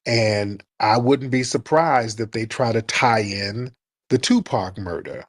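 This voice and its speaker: A man hosting a live audio chat show, laid-back, calling listeners in and answering with quick comebacks. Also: medium pitch. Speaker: host.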